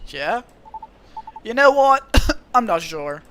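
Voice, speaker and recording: A man's voice: high voice, very animated, takes it slowly, a bit bright, a little hiss or hum, pitched above the performer's own voice, exaggerated voice. A man voicing a laid-back young male satyr with a put-on Californian accent and a bleating, goat-like drawl. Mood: chatty. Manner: upbeat, easygoing slang.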